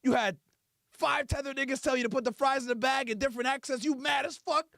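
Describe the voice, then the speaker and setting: A man's voice: very high-pitched, steady tone, fast, gravelly, sharp tone, dry recording, clean studio sound. A male podcast host telling a profane comedic rant in a mocking, crude storytelling manner.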